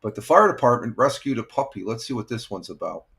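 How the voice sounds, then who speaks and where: A man's voice: medium pitch, expressive, fast talker, gravelly, fairly bright tone. A man in his sixties, a retired firefighter, hosting a casual morning live stream and chatting with viewers in a rambling, easygoing way with many fillers. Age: 60s.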